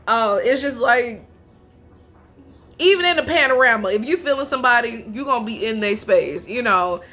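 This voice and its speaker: A young woman reviewing a reality show in a casual, animated chat, full of slang and laughter. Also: on the high side, normal speed, faint music behind. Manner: chatty and animated, laughs often, slangy asides.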